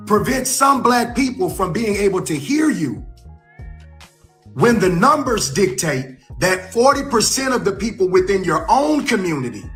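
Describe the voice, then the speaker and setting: A man hosting a podcast, giving earnest, deliberate political commentary. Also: high-pitched, big pitch swings, fairly bright tone, faint music behind. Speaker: podcast host.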